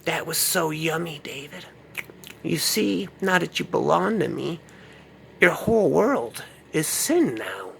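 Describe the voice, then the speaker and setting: A man voicing a gloating evil female witch who cackles and taunts slowly. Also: on the high side, sing-song, vocal fry, a bit bright, slight background noise, heavily acted.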